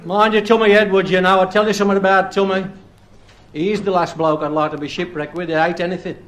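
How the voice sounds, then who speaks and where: Man, Black Country accent, comedian, rhyming recitation and chatty anecdotes, slightly high pitch. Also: flat delivery, quick pace, crowd noise, noisy background. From Black Country, England. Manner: chatty storytelling.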